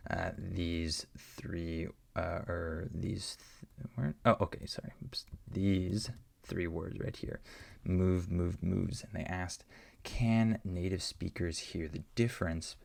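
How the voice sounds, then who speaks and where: A man's voice: sits low, creaky. A man teaching English pronunciation in an unscripted online lesson, explaining patiently with many fillers and "right?" checks.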